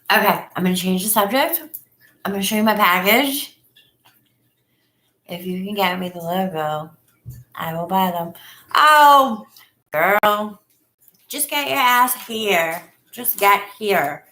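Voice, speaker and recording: A woman, hosting a casual live stream from home and chatting effusively with viewers on a webcam. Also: a bit bright. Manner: chatty and effusive, often acts out her own past lines in a higher voice. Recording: echoey room sound.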